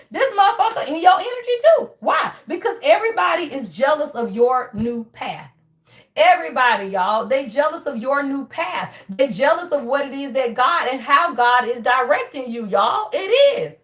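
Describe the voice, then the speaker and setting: A woman with a high voice gives a loose, preachy card reading straight to her viewers. She swears freely and jabs "y'all" onto line after line. She pushes her points in sudden emphatic bursts. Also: fairly bright tone. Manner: emphatic, profane, repeats "y'all" constantly; fast, preachy affirmations with rising bursts. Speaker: tarot reader. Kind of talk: casual spiritual reading to camera.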